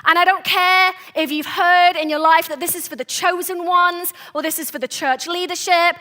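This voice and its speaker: A woman with a high, sharply bright voice delivers a sermon. She sounds to be in her thirties and talks to the congregation in an earnest, conversational way, pressing her points with emphasis. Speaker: preacher. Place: church service.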